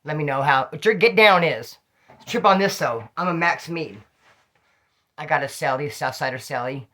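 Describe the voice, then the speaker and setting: A middle-aged man telling rambling, slang-filled prison stories in a casual, animated way, a little tipsy. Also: on the high side, moderate pace. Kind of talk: casual storytelling to camera.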